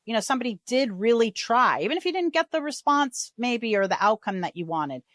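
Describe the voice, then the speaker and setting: A woman hosting a podcast in casual interview chat, talking in a chatty, animated way and acting out the voices she quotes. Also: on the high side, a little fast, no echo, clean studio sound. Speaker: podcast host.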